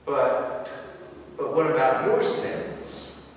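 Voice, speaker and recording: A man acting out a patient eldest brother who calmly invites his siblings home. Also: fairly high pitch, drawn-out words, slight background noise. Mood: gentle, patient. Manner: gentle and patient. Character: calm, loving eldest brother. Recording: echoey hall from far off.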